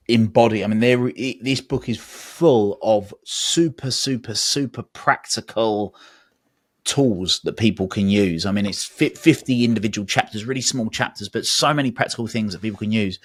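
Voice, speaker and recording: A man's voice: on the low side, unhurried, dry recording, clean studio sound. A man hosting a podcast interview, asking long, thoughtful, winding questions. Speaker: podcast host. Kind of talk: conversational interview.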